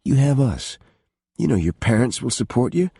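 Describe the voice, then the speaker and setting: A man voicing a gentle, tactful young woman. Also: mid-range voice, expressive, normal speed, vocal fry, slightly rough, no echo, studio quality, voice pushed up. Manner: gentle, reassuring. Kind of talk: audiobook character voice.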